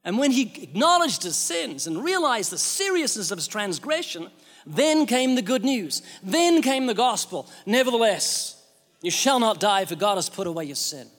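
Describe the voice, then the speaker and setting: A man's voice: high voice, very animated, moderate pace, fairly bright tone, long reverb tail. A man preaching a sermon in an emphatic way, asking rhetorical questions.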